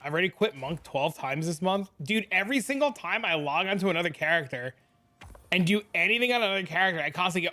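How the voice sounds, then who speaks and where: A young man streaming a game, chatting casually, excitable and swearing freely as he reads chat aloud. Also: high-pitched, fast talker.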